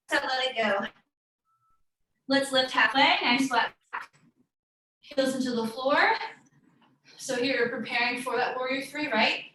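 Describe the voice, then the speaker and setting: A woman guides a live yoga class, cueing breaths and poses and encouraging students by name. Her voice sits a little high and sounds bright. It is picked up from a distance in a very reverberant room, with faint background noise. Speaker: yoga instructor.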